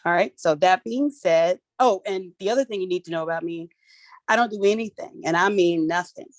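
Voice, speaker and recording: A middle-aged workshop host from Philadelphia, USA runs an online workshop like a lively get-together, keeping it playful and chatty with loose, colloquial phrasing. Her fairly low voice moves a little fast. The audio comes through her phone on a video call, dry and close with no echo.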